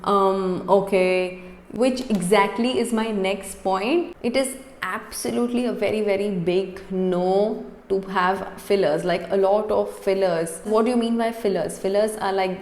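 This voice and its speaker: A woman giving an unscripted spoken lesson as a cabin crew coach, stressing chosen words as she explains. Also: medium pitch. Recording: echoey room with long reverb.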